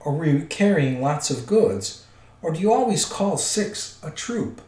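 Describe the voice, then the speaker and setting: A man voicing a gruff, blunt, impatient big man who growls his words, in a roomy recording. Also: a little high, expressive, a little slow, a little mellow, pitched above the performer's own voice. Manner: growling, curt. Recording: roomy echo.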